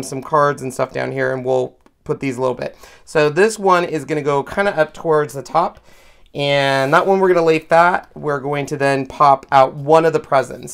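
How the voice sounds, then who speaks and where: A man's voice: fairly high pitch, vocal fry, clean tone. A man hosting a live craft tutorial, chatting step by step and thinking aloud as he lays out a card. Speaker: craft host demonstrating card making.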